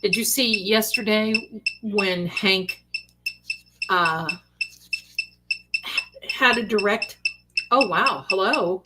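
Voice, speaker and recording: A woman hosting a casual livestream, chatting excitedly as she eats and comments. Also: mid-range voice, extremely slow, pauses often, very noisy. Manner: excited, chatty, talks with mouth full. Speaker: livestream host. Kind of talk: casual live commentary while eating. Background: dish and cutlery clatter.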